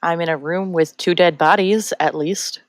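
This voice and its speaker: A woman's voice: on the low side, steady tone, normal speed, no echo. Woman player, plain matter of fact talk, dry close mic. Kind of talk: casual game chat.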